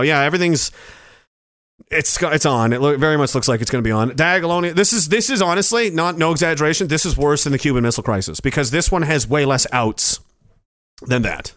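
A man's voice: fairly high pitch, animated, fairly quick, fairly bright tone, no room sound, clean studio sound. Man reading chat on a livestream. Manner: rambling, profane and joking. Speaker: livestream host.

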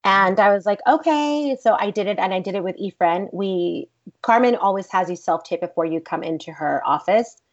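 Animated Texan actress, interview guest, rambling anecdotes, slightly muffled recording. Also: female voice, lowish voice, fairly quick. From Texas. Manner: animated, rambling, many fillers like "like". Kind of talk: casual interview storytelling.

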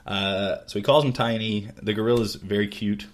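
Man, lower register, casual podcast storyteller; animated, laughs easily, does voices for characters. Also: moderate pace. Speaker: podcast co-host retelling a novel. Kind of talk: casual chat.

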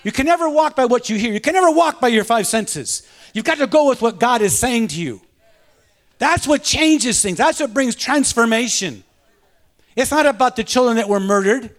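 High-voiced fervent man preaching a sermon. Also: animated, normal speed. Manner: fervent, punctuates with call-outs to the congregation. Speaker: pastor. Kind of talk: sermon with personal storytelling.

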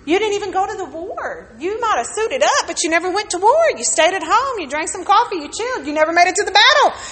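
A woman pastor preaches a sermon to her congregation in a church sanctuary, sharing a personal story and leading call-and-response. Her very high voice is sing-song and a bit bright, and she talks fast, with big-room sound around her.

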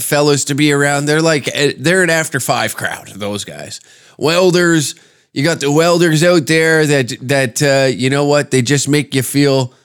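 A podcast host delivers a comedic rant, a monologue packed with heavy swearing and sarcasm. His mid-range voice is a bit bright, with a clear, resonant tone.

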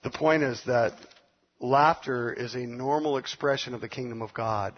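A man's voice: mid-range voice, normal speed, lo-fi sound, a little hiss or hum. A middle-aged man preaching a sermon as pastor, playful and laughing, acting out the voices of others.

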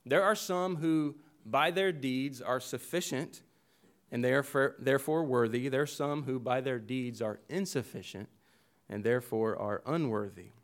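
A man preaches a sermon in a mid-pitched voice, explaining the text verse by verse. He drives his points home by repeating phrases, and he often restarts a sentence partway through. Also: normal speed. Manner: earnest expository preaching with emphatic repetition. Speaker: pastor.

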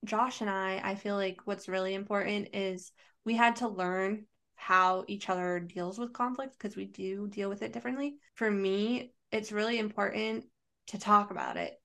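A woman's voice: mid-range voice, steady tone, normal speed, fairly bright tone. A woman co-hosting a podcast who reads out listener questions and chats earnestly. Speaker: podcast co-host. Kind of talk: casual chat.

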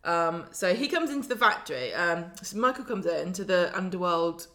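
A woman's voice: on the low side, lively intonation, a bit bright. A woman co-hosting a casual chat, recapping a soap episode and acting out its characters' lines. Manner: chatty, acts out lines in quick put-on voices. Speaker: podcast co-host.

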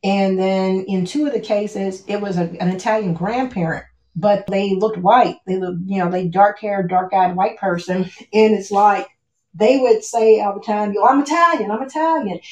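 A woman's voice: medium pitch, steady tone, normal speed, warm tone. A woman from the United States talking about her background as a guest, reflective and full of "you know" and "like" fillers. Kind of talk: casual conversation. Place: at home with a cat. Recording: roomy echo.

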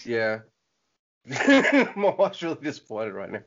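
A man's voice: mid-range voice, wildly swooping pitch, slow, fairly bright tone. A man co-hosting a podcast in casual chat, rambling and breaking off his own sentences. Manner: rambling, self-interrupting and casual. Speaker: podcast co-host. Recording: dull lo-fi audio.

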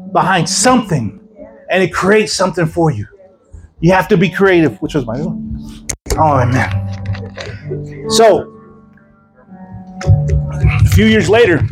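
A man with a notably high voice delivers an animated sermon as an evangelist at a healing service. He tells his story with quick laughs and sudden shouted praise. Soft music plays faintly behind him. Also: rough recording. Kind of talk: sermon told as a lively story. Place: church service before a congregation.

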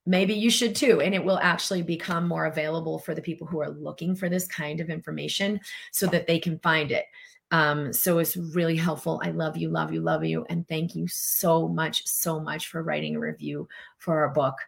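A woman's voice: low-pitched, level tone, normal speed, gravelly. A middle-aged woman hosting a podcast, talking casually in a chatty, filler-heavy way while coaching viewers and reading their comments. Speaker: podcast host.

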